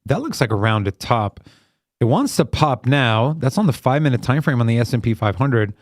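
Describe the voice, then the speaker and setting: A man's voice: medium pitch, sing-song, moderate pace, dry recording, studio quality. A man hosting a live trading stream, chatting with viewers by name and calling out chart patterns in a hyped, casual way.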